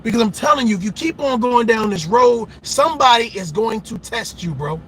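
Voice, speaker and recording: A man's voice: very high voice, lively intonation, a little fast, fairly bright tone. A man hosting a reaction channel, delivering an impassioned, profane, preachy rant. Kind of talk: ranting commentary.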